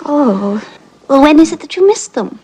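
A very high, giggly, gushing lady. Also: sing-song, moderate pace, darkish tone. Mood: cooing. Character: giggly, soft-hearted young woman, easily moved to tears.

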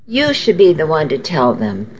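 A woman's voice: low voice, huge pitch swings, moderate pace, voice pushed down. A woman reading aloud and voicing a timid young woman who is the bride's cousin, on a dull lo-fi recording.

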